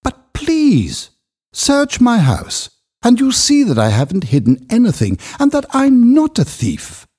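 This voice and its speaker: A man voicing a wronged weaver who pleads his innocence in a strained, high, husky voice. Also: big pitch swings, unhurried, mellow, full character voice. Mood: desperate pleading.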